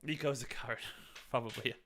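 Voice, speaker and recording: A man's voice: mid-range voice, fairly even intonation, moderate pace, a bit bright. A young man hosts a live football watchalong, chatty and prone to laughing fits. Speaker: football fan channel host. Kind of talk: live match watchalong commentary.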